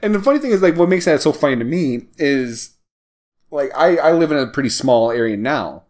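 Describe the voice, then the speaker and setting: A man's voice: on the high side, big pitch swings, brisk, darkish tone. A man co-hosting a podcast, chatting casually about a film, rambling with many fillers and frequent laughter. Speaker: podcast co-host. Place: small town.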